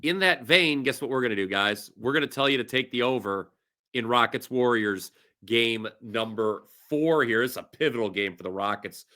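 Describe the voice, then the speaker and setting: Male betting-show host, bright tone, upbeat and jokey. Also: medium pitch, moderate pace. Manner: upbeat, jokey, laughs easily. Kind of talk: casual sports betting talk.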